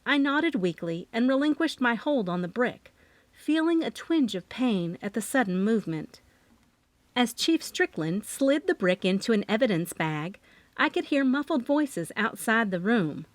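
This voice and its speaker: Woman reading a cozy mystery, lively animated voice, dry close mic. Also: a little high, unhurried, dry recording. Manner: expressive, lively storytelling. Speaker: audiobook narrator. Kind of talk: first-person mystery narration.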